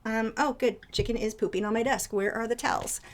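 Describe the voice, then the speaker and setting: A young woman talking casually to her live-stream viewers, with a slightly high voice. She rambles from topic to topic, full of fillers and asides. Now and then she turns to her pet birds in a cooing voice. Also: steady tone, brisk, faint music behind. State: out of breath.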